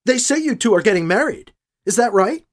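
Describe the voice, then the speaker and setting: A narrator voicing an unhinged, bitter woman who accuses a man in a quavering, shrill voice. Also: sing-song, moderate pace. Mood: accusing.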